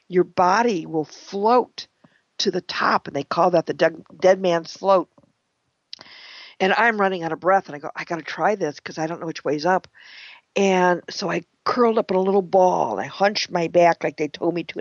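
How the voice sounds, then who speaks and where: A woman giving a motivational talk, telling a personal story with dramatic pauses and repeated phrases. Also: on the low side, dry recording. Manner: dramatic, repetitive storytelling with slowed emphasis. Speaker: motivational speaker. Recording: dull, lo-fi, dry sound.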